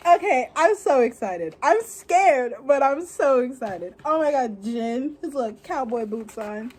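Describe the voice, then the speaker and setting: A young woman narrates an album unboxing, her high voice leaping all over the place. She squeals, gasps and gushes in excited fangirl bursts, with faint hiss under the audio. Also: a little slow. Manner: squealing, gasping, fangirl outbursts.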